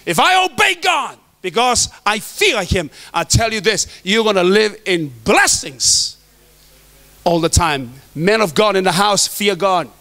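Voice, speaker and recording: A middle-aged pastor preaches in an unusually high voice. His tone is bright and forceful. He jokes with the congregation, then drives his points home with emphatic shouts. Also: sing-song, unhurried. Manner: emphatic, joking, preaching to the men. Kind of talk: sermon.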